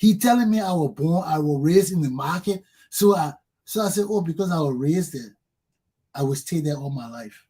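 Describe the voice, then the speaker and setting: A husky-voiced man with a Liberian English accent, pitched fairly high for a man. He rants in a heated, profane talk-show monologue, hammering phrases over and over. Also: mellow. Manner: angry, profane ranting with repeated "man". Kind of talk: impassioned political monologue.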